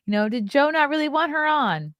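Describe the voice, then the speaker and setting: A woman's voice: high voice, very animated, moderate pace, no room sound, highs cut off. A woman hosting a casual morning show, chatting and rambling as she reacts to viewer comments, sounding tired. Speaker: podcast host.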